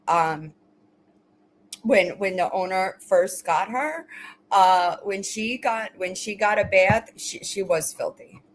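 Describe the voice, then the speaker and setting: A woman with a medium-pitched voice hosts a casual livestream, addressing her viewers directly. She bluntly mocks commenters and swears freely, then switches to gushing baby talk for her pets. The low-quality recording carries slight background noise.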